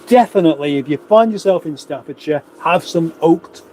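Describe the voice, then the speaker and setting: A man's voice: on the high side, expressive, normal speed, dark tone, a little hiss or hum, poor audio. A middle-aged man from England hosting a casual livestream, rambling on and reading viewer comments aloud. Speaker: livestream host. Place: home room, indoors.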